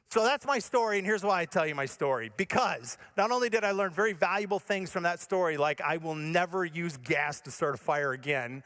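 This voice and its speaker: A male pastor preaching a sermon by telling a comic personal story in an animated, self-mocking way. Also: fairly high pitch.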